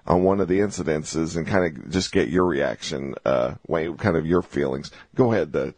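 Husky radio host guy, kinda low voice, lots of uhs and restarts, dry sound. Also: a little mellow, dry recording. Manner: halting, many fillers and restarts. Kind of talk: talk radio interview.

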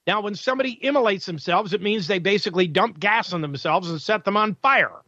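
A man's voice: high-pitched, animated, fairly quick, sharp tone, no room sound, dull audio. A male talk radio host delivering an opinionated, combative monologue full of sarcasm and rhetorical questions.

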